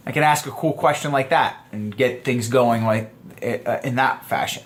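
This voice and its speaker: A man's voice: medium pitch, normal speed. A young man giving a casual dating lesson to camera, talking loosely and acting out both sides of example conversations. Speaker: dating coach. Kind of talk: casual instructional talk to camera.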